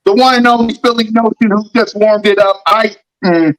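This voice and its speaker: A man's voice: sits high, moderate pace, fairly bright tone, low-quality recording. A man hosting a sports podcast, ranting heatedly and repeating his points. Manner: fired-up, repetitive ranting. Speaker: podcast host.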